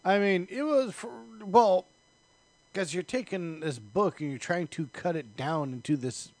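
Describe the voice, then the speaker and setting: A man's voice: sits high, unhurried, darkish tone, no room sound. A man co-hosting a podcast, blunt and teasing as he argues in casual banter. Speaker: podcast co-host.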